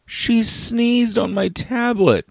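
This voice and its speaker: A man voicing his upset six-year-old daughter in a high, tearful voice. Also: slow, creaky, no room sound, exaggerated voice. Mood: whiny. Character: upset little girl, about six, tearful.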